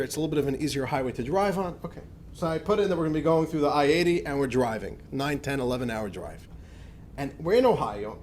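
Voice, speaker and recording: A man, a rabbi, telling a personal story in a lively, conversational lecture with frequent restarts. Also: medium pitch, slight background noise. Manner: animated anecdotal storytelling with many restarts.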